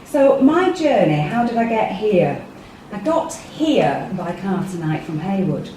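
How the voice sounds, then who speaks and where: A woman's voice: medium pitch, very animated, unhurried, dark tone, slight background noise. English woman leading a group workshop. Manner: chatty, asks the audience questions. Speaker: workshop speaker. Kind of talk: interactive talk to a small group. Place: meeting room with a live audience. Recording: echoey room, mic far off.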